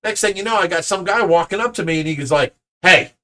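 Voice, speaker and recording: A middle-aged Ohio man who runs a fish rescue channel rambles through a story for viewers, acting out both sides of an argument. His voice sits high, races along, and is a bit bright.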